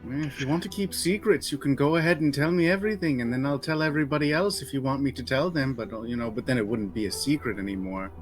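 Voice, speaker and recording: A man's voice: mid-range voice, fast talker, few pauses, faint music behind, natural voice. A man voicing a gossipy female adventurer who talks into other people's minds, with a playful, teasing manner. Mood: sly.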